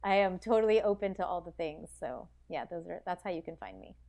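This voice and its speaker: Chatty, animated American woman. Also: on the low side, a little fast. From United States. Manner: animated, reflective, full of "like" and restarts. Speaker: podcast guest. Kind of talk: casual interview chat.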